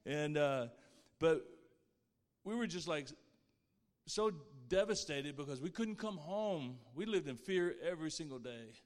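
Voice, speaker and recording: A man with a somewhat high voice gives an earnest, heartfelt faith testimony. His words carry a long reverb, as if spoken in a large hall. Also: expressive, a little slow. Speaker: guest speaker sharing his testimony.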